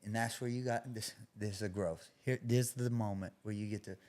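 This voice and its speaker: A man who fights and coaches at a gym, calmly explaining his training ideas as a guest on a podcast. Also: on the low side, a little fast. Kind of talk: podcast interview.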